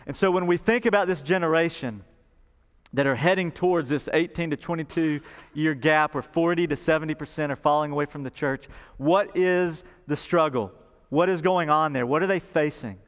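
A man delivering a sermon with animated storytelling and casual asides. His voice sits a bit high and comes through smooth and resonant. A long reverb from a large hall trails each phrase. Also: normal speed. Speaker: pastor.

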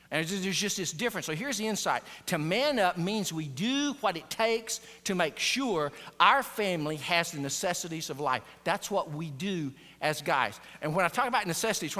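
Earnest preacher in an echoing hall. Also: male voice, a little high, a bit bright. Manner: earnest, repetitive, storytelling with emphatic restated points. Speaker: pastor. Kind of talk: sermon. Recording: long reverb of a large hall.

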